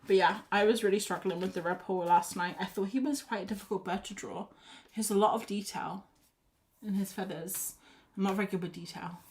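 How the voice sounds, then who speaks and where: A woman talks casually to viewers while she paints at her desk at home. She rambles, trails off and restarts her sentences, and her voice sits at an ordinary middle pitch. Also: steady tone, a little fast, a little hiss or hum. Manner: rambling, chatty, with many restarts and fillers. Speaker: art livestreamer.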